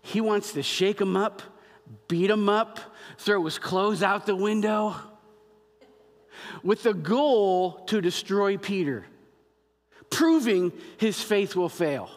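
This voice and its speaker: A man preaching a sermon as pastor, animated and acting out biblical dialogue in quoted voices. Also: high-pitched, takes it slowly, long pauses. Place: church sanctuary. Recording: long hall reverb.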